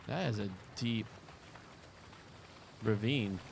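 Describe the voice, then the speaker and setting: A man's voice: on the low side, takes it slowly, gravelly. A man chatting casually and playfully while playing a video game with friends. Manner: playful, jokey, reads quest text aloud. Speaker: gamer. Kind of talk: casual gameplay chat. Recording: game capture with background noise.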